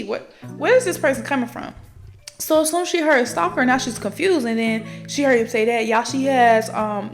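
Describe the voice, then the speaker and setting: Chatty slangy woman recapping a book. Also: a little high. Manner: chatty, slangy and profane, addresses listeners directly. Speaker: book podcast host. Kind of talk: casual book recap storytelling.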